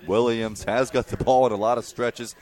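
A young man giving color commentary on a high school football game, explaining play calls like a coach. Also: fairly even intonation, moderate pace, darkish tone.

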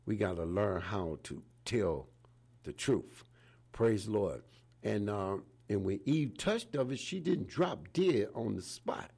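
A man's voice: lowish voice, animated, takes it slowly, vocal fry, a little mellow, husky. A man in his seventies preaching an informal sermon in a folksy way, often repeating "praise the Lord" between phrases. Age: 70s.

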